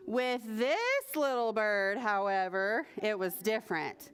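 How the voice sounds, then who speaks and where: A woman librarian reading a picture book aloud at a preschool story time, animated and sing-song, with playful animal noises. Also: mid-range voice, takes it slowly, a little hiss or hum. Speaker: children's librarian.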